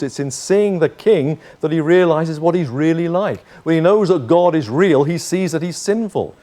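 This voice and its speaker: A man preaching a sermon as pastor, earnest, moving between forceful lines and hushed ones. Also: fairly high pitch, expressive, measured pace.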